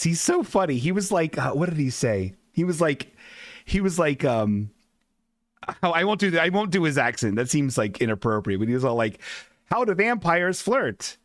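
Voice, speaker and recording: A man's voice: a little high, no echo, clean studio sound. A man hosting a comedy show, rambling and chuckling through his stories.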